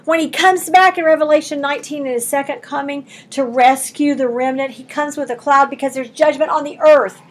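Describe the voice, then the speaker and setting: A woman's voice: high-pitched, a little fast, hardly any pauses. A woman pastor preaching an expository sermon in a church, reading scripture aloud and explaining it in a folksy, emphatic way.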